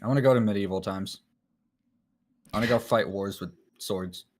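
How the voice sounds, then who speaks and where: A man's voice: on the low side, normal speed, slight background noise. A man chatting casually as a guest on a stream, laid-back and rambling, swearing and laughing often. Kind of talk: casual chat.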